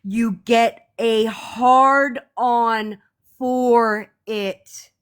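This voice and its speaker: A woman on a live stream, ranting to her viewers in a heated, profane, sarcastic way, often slowing down to stress her words. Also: a little high, fairly even intonation, smooth. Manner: slow emphatic pauses.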